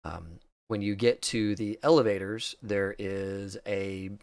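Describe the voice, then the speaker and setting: A man running a tabletop role-playing game as game master, describing scenes in a halting way with many fillers. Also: fairly low pitch, fairly even intonation, a little mellow, no echo.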